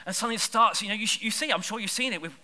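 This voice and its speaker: A man preaching a sermon in church, lively and conversational, pushing hard on key words. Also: sits high, racing. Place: church service.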